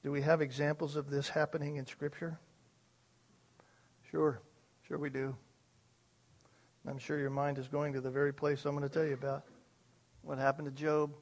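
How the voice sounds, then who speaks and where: A man with a notably high voice preaches with conviction. He presses his points and asks his listeners rhetorical questions along the way. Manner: emphatic, uses rhetorical questions and acted quotes. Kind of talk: sermon.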